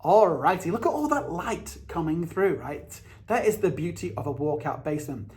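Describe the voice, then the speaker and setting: A man's voice: a little high, animated, moderate pace, a little mellow. A man from England, a realtor narrating a home tour in an upbeat, chatty way as he points out the features of each room.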